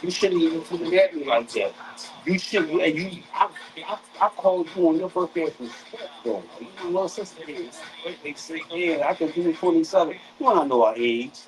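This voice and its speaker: A man's voice: a little high, expressive, moderate pace, background noise. A man streaming live craps and rambling in profane, restart-heavy casual chat. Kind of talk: casual chat while gambling.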